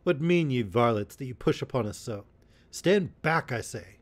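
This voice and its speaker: A man's voice: mid-range voice, expressive, moderate pace, darkish tone, lightly acted. A man voicing a blustering, commanding sheriff who bellows his orders in a raised voice. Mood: angry.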